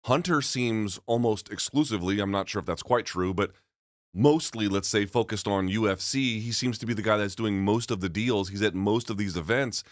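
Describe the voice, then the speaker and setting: Male studio co-host, animated and chatty, close dry mic. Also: fairly low pitch, moderate pace, no room sound. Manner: animated, chatty, talks over his co-host. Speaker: podcast co-host. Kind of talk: casual sports talk.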